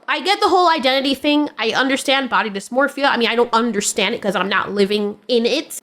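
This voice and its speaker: A woman with a high voice delivers opinionated commentary in a blunt, sarcastic way. She laughs often as she talks. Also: fairly bright tone. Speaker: commentary host.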